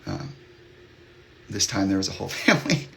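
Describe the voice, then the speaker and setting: A man's voice: low voice, wildly swooping pitch, moderate pace, creaky, a little hiss or hum. A man hosting a livestream, chatting openly with his viewers in a rambling way full of fillers and restarts. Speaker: livestream host. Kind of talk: candid chat with live viewers.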